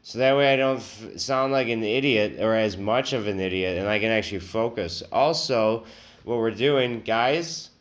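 A man's voice: lowish voice, moderate pace. A man hosting a comedy podcast, talking casually in a crude, rambling, self-mocking way. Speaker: podcast host.

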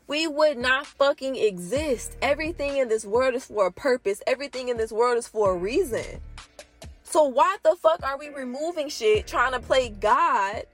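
A woman with a high voice rants on her own in a loose, casual way. She swears constantly and talks bluntly, padding her sentences with "like" and "you know." Faint music plays underneath her voice. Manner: heavy profanity, blunt and heated; lots of filler words like "like" and "you know". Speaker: solo commentator. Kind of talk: casual rant.

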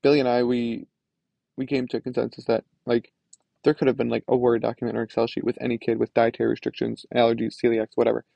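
Young man, gravelly voice, dry close sound, casual rant, lots of fillers. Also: mid-range voice, monotone, quick pace, warm tone, no echo. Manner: ranting, frustrated, many "like" fillers. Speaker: podcast host. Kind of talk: casual solo podcast monologue.

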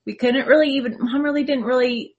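A woman co-hosting a casual podcast, calmly explaining family routines. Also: high-pitched, fairly quick, muffled recording. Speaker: podcast co-host. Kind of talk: casual chat.

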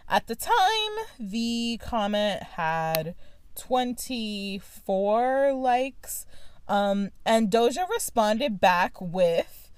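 Young woman, podcast co-host, gossipy casual chat, fairly high voice, dry close sound. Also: big pitch swings, extremely slow, clear, resonant tone, no room sound. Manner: chatty, gossipy, fillers and restarts.

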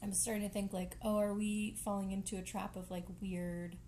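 A woman chats casually on a home podcast, laughing often and trailing off into fillers as she talks. Her voice sits at a middling pitch, with a faint hiss of background noise behind it. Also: little pitch movement, moderate pace, dark tone. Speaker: podcast co-host. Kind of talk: casual chat.

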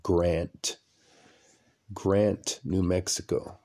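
A man's voice: low voice, level tone, extremely slow, dark tone. A man podcasting from a room at home at night, telling a long story in a rambling, blunt way and repeating phrases for effect. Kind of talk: casual storytelling monologue.

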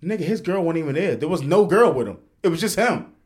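Fast-talking, high-voiced male podcast host. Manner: animated, profane, laughs through his stories. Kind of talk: casual storytelling chat.

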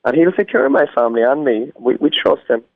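A man's voice: mid-range voice, sing-song, quick pace, vocal fry, dry recording. An Irish man, a guest musician, talking earnestly in a phone interview. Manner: earnest, preacherly. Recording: tinny phone line.

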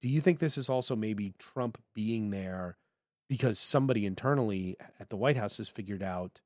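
A man co-hosting a podcast in casual political banter, animated and jokey, slipping into funny voices for quotes. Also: on the low side, normal speed, no echo, studio quality. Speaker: podcast co-host.

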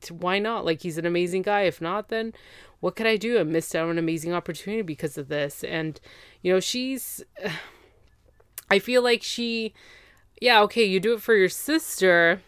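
Female podcast host, lowish voice, dry close sound, chatty and opinionated recapper. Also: moderate pace, a bit bright, clear, resonant tone, no room sound. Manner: opinionated, exasperated, gossipy, acts out quotes.

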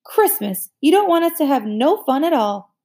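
A woman voicing a whiny young girl who pleads and complains in a high voice. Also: very animated, normal speed, a little mellow. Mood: whining. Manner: whining, pleading.

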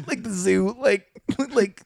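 A man's voice: sits high, slow pace, vocal fry, no echo, studio quality. A young adult man, co-hosting a podcast, telling rambling profane stories and laughing at his own jokes. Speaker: podcast co-host. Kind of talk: casual chat, storytelling.

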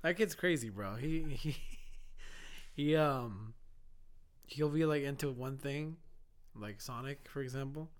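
A man's voice: medium pitch, unhurried, pauses often. A man in his thirties, a father, chatting casually with a friend on a podcast, swearing and laughing a lot. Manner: profane, laughing banter. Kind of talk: casual chat.

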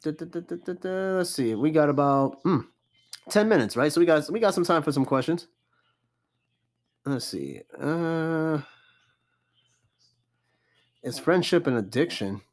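A man's voice: fairly high pitch, a little slow, pauses often. A young man hosting a casual solo podcast, giving blunt, profane advice on listener questions. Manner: blunt, animated, profane, repeats "I'm gonna tell you right now".

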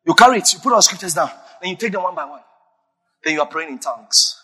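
A man preaching a sermon as a pastor, emphatic and breaking into sudden shouts. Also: high-pitched, animated, quick pace, slightly rough. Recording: long reverb of a large hall.

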